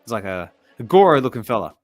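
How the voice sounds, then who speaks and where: Male host, relaxed comic read-along, curious and chatty, mid-pitched, dry close mic. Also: fast talker, no room sound, soft background music. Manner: chatty and curious, thinking aloud and stumbling over names. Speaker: comic reading channel host. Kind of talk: casual relaxed comic reading with commentary.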